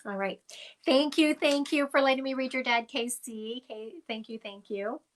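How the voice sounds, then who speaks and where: A chatty woman with a slightly raised pitch, talking straight to her viewers on a phone live stream. She speaks in an emphatic, affectionate way, calling people honey and ma'am as she passes on her readings. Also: normal speed, a little hiss or hum. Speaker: psychic medium.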